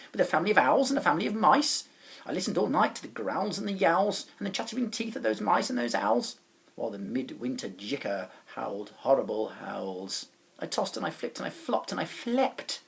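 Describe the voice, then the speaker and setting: A male primary school teacher reading a children's rhyming storybook aloud, dramatic and expressive, dropping from loud lines to hushed ones. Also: fairly high pitch, a little fast, vocal fry.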